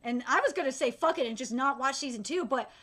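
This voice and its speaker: A young woman hosting a casual vlog about upcoming anime and manga. She talks in a high voice, gushing and excitable, swearing freely and tripping over fillers and restarts. Her tone is bright and sharp. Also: fast talker. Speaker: channel host.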